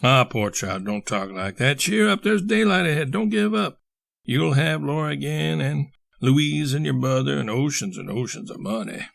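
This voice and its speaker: A man voicing an exuberant, blustering older colonel and schemer who talks in hearty bursts and leaps to excited highs. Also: normal speed, vocal fry, dry recording, clean studio sound, exaggerated voice. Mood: rousing.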